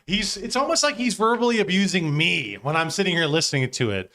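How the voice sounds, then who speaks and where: A man's voice: on the high side, huge pitch swings, a little fast, pushed and bright. Laid-back man riffing on a livestream. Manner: profane, laughing, off-the-cuff reactions. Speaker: live stream host. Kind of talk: casual reaction commentary.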